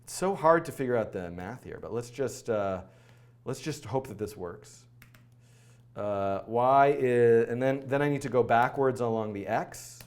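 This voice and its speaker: A man hosting a live coding stream, thinking aloud in a rushed, flustered way, full of fillers and self-corrections. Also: mid-range voice, a little mellow. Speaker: coding livestream host.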